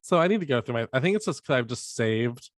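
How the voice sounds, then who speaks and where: A man co-hosting a podcast, chatting casually and telling stories with lively quoted asides. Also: mid-range voice, fast talker, dry recording, studio quality. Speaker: podcast co-host. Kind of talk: casual chat.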